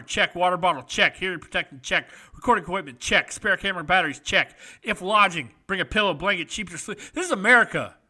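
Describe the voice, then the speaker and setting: A man from the American Midwest co-hosts a comedic podcast, riffing with profane, playful energy. His voice sits high and comes across very bright and sharp. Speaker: podcast co-host. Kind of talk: comedic casual chat.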